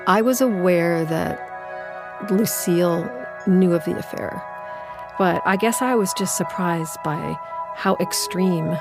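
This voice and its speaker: A woman's voice: fairly low pitch, gravelly. Reflective woman telling a story. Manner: reflective, conversational. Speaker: narrator. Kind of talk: personal storytelling. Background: music.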